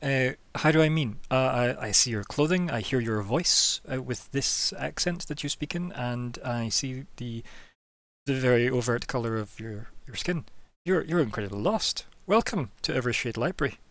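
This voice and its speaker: A man's voice: medium pitch, lively intonation, normal speed, fairly bright tone, no echo. A man doing a haughty woman librarian. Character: odd, imperious woman librarian.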